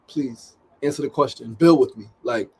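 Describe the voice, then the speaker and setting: A man's voice: medium pitch, steady tone, moderate pace, darkish tone, husky. Impassioned man pleading with his viewers. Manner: urgent, pleading, swears often, repeats phrases. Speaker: host of a daily live show. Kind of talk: impassioned livestream monologue. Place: studio.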